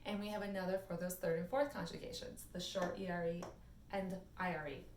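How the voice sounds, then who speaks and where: A young adult woman teaching a Latin lesson in a chatty, animated way, with sing-song recaps. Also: fairly low pitch, a little fast, slight background noise. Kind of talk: classroom video lesson. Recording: echoey room, mic at a distance.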